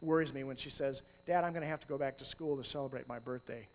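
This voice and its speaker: A middle-aged man giving a talk on youth ministry, swinging from hushed, slow passages to loud, animated storytelling. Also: medium pitch. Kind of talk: conference talk. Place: large hall with audience. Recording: long hall reverb.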